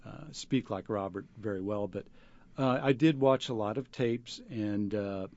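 A man, an actor, answering interview questions in a halting way, with many fillers and restarts. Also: fairly low pitch, darkish tone. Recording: dull lo-fi radio recording.

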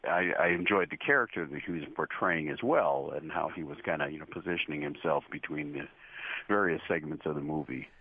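A middle-aged man from the Chicago area, a horror show host, telling stories in an interview in a relaxed, self-deprecating way. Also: very deep voice, fairly quick. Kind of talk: interview answers. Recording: thin phone-like line.

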